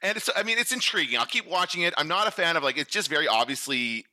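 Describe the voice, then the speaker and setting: A man with a very bright, forward voice chats loosely and rambles between thoughts, laughing along the way. His pitch sits a little high for a man. The recording is dry and close, with no room sound. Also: quick pace, no room sound. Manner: rambling, animated, laughs often. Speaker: podcast co-host. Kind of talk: casual chat.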